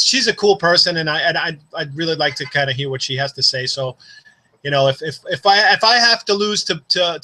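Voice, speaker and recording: Bright-voiced man, joking and animated. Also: on the high side, rough recording. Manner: joking, animated, playfully dramatic. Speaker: co-host. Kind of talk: casual chat.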